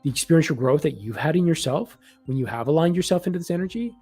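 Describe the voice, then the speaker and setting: A man's voice: on the high side, animated, fast, mellow, breathy edge, faint music behind. A man voicing a channeled male spirit guide who presses urgent, scolding questions.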